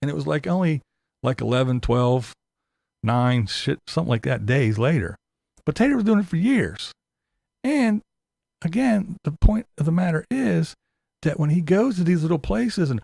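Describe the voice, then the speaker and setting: Gravelly, sarcastic ranting man. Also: a little high, very animated, moderate pace, a little mellow, no echo, studio quality. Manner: profane, sarcastic, mocking. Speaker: YouTube commentator. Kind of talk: ranting commentary.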